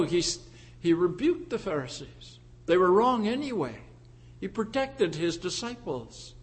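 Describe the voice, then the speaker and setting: A man preaching a sermon in an earnest, measured way, repeating key phrases for emphasis. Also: high voice, expressive, slightly rough.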